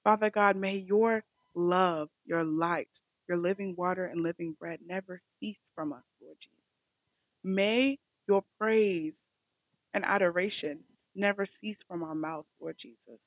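A woman's voice: on the low side, measured pace, no echo. A woman leads a devotional podcast in a fervent, repeating prayer rhythm. The recording is dry, with no room sound, and a little dull and lo-fi. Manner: fervent, repetitive prayer cadence. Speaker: podcast host.

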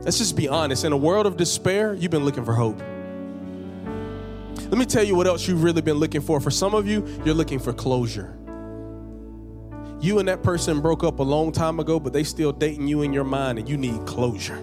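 A man preaching a sermon as pastor, repeating phrases and building to emphatic high peaks, sometimes dropping into casual slang. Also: lively intonation, a little fast, over music. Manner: conversational, uses casual slang.

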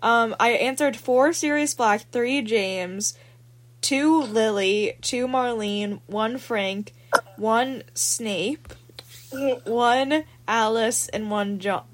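A woman co-hosting a casual group podcast, talking in a slow, hesitant way. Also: on the high side, slight background noise. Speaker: podcast co-host.

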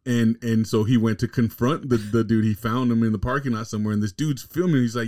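A man's voice: medium pitch, fairly even intonation, a little fast, a little mellow. Man telling a story in a loose, profane way. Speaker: podcast host. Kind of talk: casual chat.

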